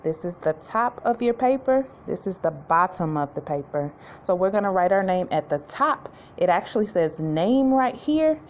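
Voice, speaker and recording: A woman teacher giving a recorded lesson to young children, speaking clearly and patiently and drawing out letter sounds. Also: on the low side, sing-song, moderate pace, hardly any pauses, slight background noise.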